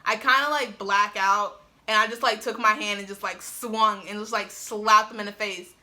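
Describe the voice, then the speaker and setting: A young adult woman vlogger, filmed on a phone camera set on a tripod, tells a personal story in a casual, chatty way, saying "like" a lot and laughing often. Her medium-pitched voice is pushed and bright, with fairly even intonation and a moderate pace.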